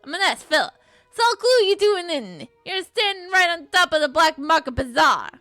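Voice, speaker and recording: A woman voicing a streetwise male black market dealer from a puzzle game, speaking low and conspiratorially. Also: very animated, normal speed, sharp tone, dry recording, soft background music, full character voice. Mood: warning.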